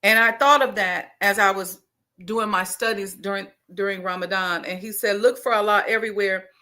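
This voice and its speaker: Bright-voiced woman preaching with emphasis. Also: mid-range voice, moderate pace. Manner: emphatic, repeats key phrases, folksy call-and-response. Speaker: speaker leading a Ramadan gathering. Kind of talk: motivational sermon.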